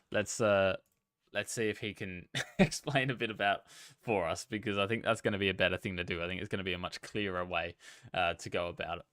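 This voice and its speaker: A man's voice: on the low side, a bit bright, smooth, dry recording, studio quality. A young man hosting a casual trading livestream, chatting with viewers and greeting them by name. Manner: chatty, reads out viewer names and talks to chat. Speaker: livestream host. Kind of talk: casual live-stream market commentary.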